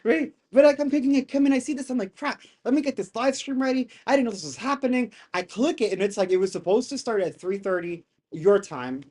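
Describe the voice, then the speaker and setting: A man hosting a casual live reaction stream from his home setup, excitable and rambling, swearing as he rants into a desk mic. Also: high-pitched, fast talker, hardly any pauses. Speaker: livestream reaction host. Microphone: desk microphone.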